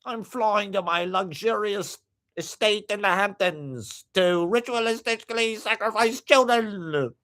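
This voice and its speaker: A man putting on a sneering, wealthy male TV host, high and exaggerated. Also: measured pace, a bit bright. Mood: gloating, taunting. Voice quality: high, mocking, exaggerated drawl. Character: sneering rich male TV host, Australian-style, gloating.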